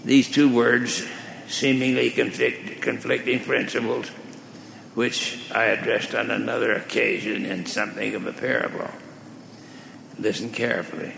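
Slow, gravelly male preacher. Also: medium pitch, steady tone, fairly bright tone, slight background noise. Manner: slow, measured, deliberate storytelling. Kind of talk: sermon parable. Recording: echoey hall with faint ambience.

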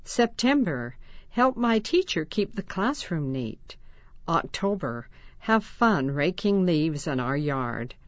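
A woman reads aloud for young children, unhurried and with a lot of lift and fall in her voice. Her voice sits on the low side. The recording is dull and dry, with no room around it. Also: dry recording. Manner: slow, expressive reading with lively sound words. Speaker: reader of a children's magazine. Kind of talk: read-aloud narration for children.

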